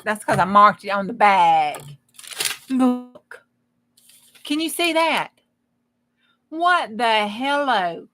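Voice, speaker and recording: A woman's voice: mid-range voice, sing-song, takes it slowly, long pauses, a bit bright, slight background noise. A woman, chatting in a rambling, folksy way to her live audience while she crafts. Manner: rambling, folksy, talks to the chat as she works. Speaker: crafting livestream host. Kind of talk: casual chat while crafting.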